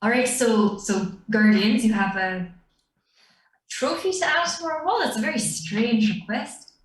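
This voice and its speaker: A woman playing a brisk bird-folk headhunter. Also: fairly high pitch, lightly acted. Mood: businesslike. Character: female raptor bird-folk hunter leader, brisk. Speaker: headhunter of a hunters' guild. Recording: roomy, distant mic.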